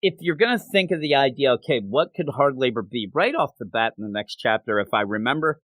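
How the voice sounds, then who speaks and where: A man's voice: mid-range voice, animated, fairly quick, a bit bright, dry recording. A man hosting a manga review podcast in casual chat. He talks with animation and often slips into quoting characters.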